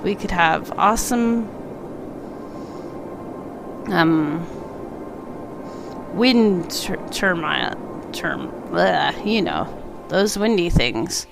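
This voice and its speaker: A woman's voice: on the low side, animated, very slow, long pauses, over music. A congested woman casually chatting on a live stream while she plays a city-building game, rambling and talking back to the game. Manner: rambling, talks to the game and a pet. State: congested, stuffy.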